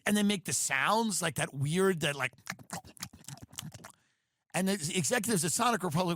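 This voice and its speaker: A man's voice: high-pitched, lively intonation, fairly quick, pauses often, a bit bright, dry recording, studio quality. Sardonic man ranting on a podcast. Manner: sardonic ranting with mocking asides. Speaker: podcast host. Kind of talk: comedic podcast monologue.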